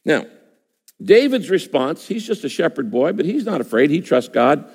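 A man's voice: a little high, big pitch swings, moderate pace, creaky, a little mellow, breathy edge. A man preaching a sermon as a pastor, emphatic and repeating key phrases for effect. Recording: long hall reverb.

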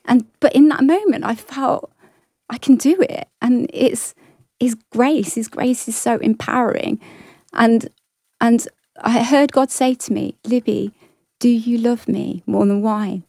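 A woman giving an earnest, halting personal testimony, often restarting her sentences. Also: fairly high pitch, vocal fry, warm tone, no room sound, clean studio sound. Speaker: guest sharing testimony.

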